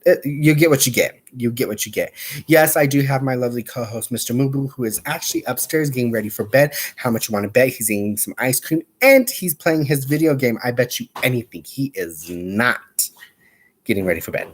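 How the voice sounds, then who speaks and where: Man, craft livestream host: sassy, gossipy, mid-pitched, chats with viewers. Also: animated, a little fast, breathy edge. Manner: chatty and sassy, with playful asides. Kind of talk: casual livestream chat.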